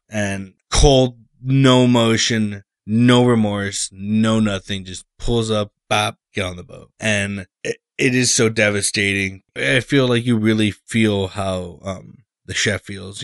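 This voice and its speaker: A man's voice: on the low side, fairly even intonation, measured pace, fairly bright tone, no room sound, studio quality. A man co-hosting a podcast, casually retelling movie scenes with lots of swearing and filler words. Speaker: podcast co-host.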